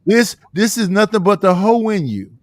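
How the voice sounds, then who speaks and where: A man's voice: sits high, animated, normal speed. A man hosting a heated live debate panel, teasing and provoking the guests.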